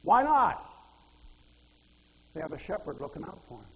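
A man's voice: fairly high pitch, very animated, normal speed, fairly bright tone. A man preaching a sermon in a folksy way, asking the congregation questions and quoting scripture. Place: church hall. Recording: reverberant hall.

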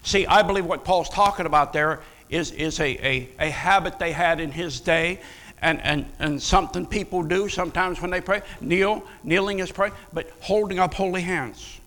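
Bright-voiced male preacher in a hall. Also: sits high, normal speed. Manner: animated, conversational, asks the audience questions. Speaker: pastor. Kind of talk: sermon. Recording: long reverb of a large hall.

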